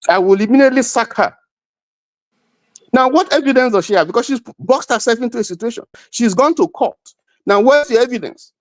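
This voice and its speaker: A man's voice: very high voice, animated, a little fast, no echo. A middle-aged man, arguing emphatically as a panel guest and repeating himself. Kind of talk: heated debate.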